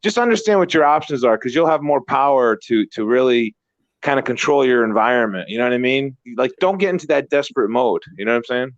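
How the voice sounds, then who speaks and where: A man's voice: mid-range voice, expressive, fast talker, dry recording. A man chatting casually and animatedly, telling stories, swearing freely and repeating words as he goes. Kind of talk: casual chat. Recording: dull dry lo-fi sound.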